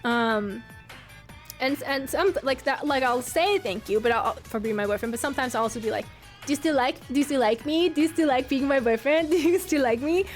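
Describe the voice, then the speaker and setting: A woman's voice: high-pitched, fairly quick, soft background music. A young woman streamer telling a story casually to her chat, rambling and giggly with many restarts.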